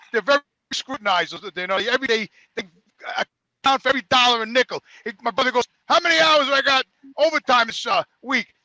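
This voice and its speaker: A man's voice: extremely high pitch, sharp tone, no room sound, low-quality recording. A man telling an exasperated, profane story on a podcast, acting out the people in it. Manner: exasperated, heavy swearing, acts out quotes. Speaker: podcast regular.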